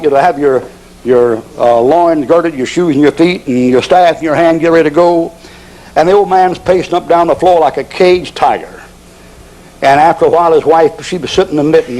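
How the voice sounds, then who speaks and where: A folksy preacher, a man with a fairly high voice, spinning a sermon story. He slips into the characters' voices as he goes and chuckles along. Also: fairly quick, darkish tone, rough recording.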